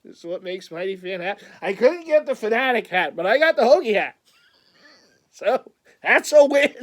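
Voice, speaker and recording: A man chatting casually in a vlog, rambling and excitable, laughing often. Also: high voice, brisk. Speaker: vlogger.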